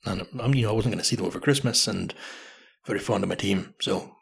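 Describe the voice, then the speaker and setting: A man's voice: lowish voice, quick pace, gravelly, slightly rough. A man in his thirties hosting a podcast, chatting through a story in a casual, self-mocking way and swearing freely. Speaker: podcast host.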